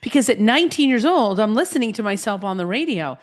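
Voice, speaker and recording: A woman with a New Jersey accent hosting a podcast, telling stories in a chatty, animated way. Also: on the high side, fast talker. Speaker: podcast host. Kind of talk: casual chat.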